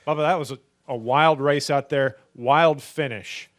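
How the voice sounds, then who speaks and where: A man moderating a press conference, introducing guests and posing questions in a steady, announcer-like way. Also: fairly high pitch, a little slow. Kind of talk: formal announcing. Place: post-race press room.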